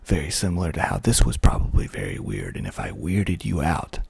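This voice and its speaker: Guy doing soft asmr, dark husky voice, dry close mic, wry little asides. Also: extremely low pitch, sing-song, dry recording. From Georgia, USA. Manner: slow, deliberate, half-whispered delivery with wry asides. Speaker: ASMR channel host. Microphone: close mic with pop filter.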